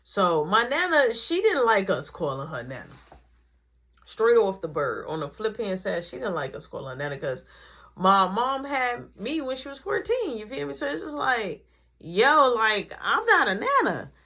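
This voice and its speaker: A woman's voice: fairly high pitch, big pitch swings, moderate pace, pushed and bright. A woman telling a story in casual slang, acting out the voices of everyone in it. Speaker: storytime vlogger.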